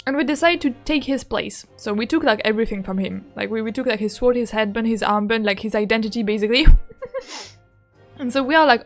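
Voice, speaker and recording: A woman's voice: fairly high pitch, fast talker, faint music behind. A woman streaming a game, chatting casually with a giggly, rambling manner and lots of fillers. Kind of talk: casual gameplay commentary.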